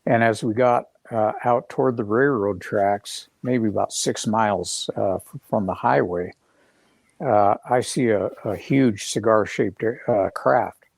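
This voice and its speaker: A middle-aged man recounting an event over a video call, his voice carrying a gravelly, creaky texture. He talks in a loose, rambling way, full of fillers and restarts. The sound is dry and close, with no room around it. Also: fairly low pitch, measured pace, a little mellow, dry recording. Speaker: guest. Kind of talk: casual storytelling on a live video call.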